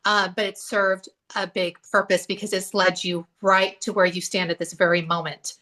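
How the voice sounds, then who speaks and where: Bright-voiced woman talking from off-mic. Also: medium pitch, normal speed, distant mic. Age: adult, left a church at seventeen years ago. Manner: animated storytelling, acts out voices with laughs. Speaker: host. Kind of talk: casual spiritual discussion.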